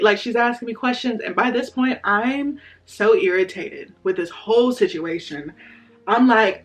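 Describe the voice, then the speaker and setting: A woman's voice: medium pitch, a little slow. Chatty young woman telling a story. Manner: chatty, addresses viewers directly, acts out quotes. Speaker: vlogger sharing a testimony. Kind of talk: casual storytelling.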